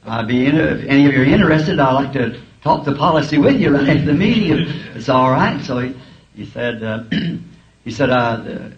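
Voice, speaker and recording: A man's voice: medium pitch, animated, normal speed. A man preaching a sermon in a school auditorium, telling folksy, humorous stories. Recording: dull archival tape, faint hiss.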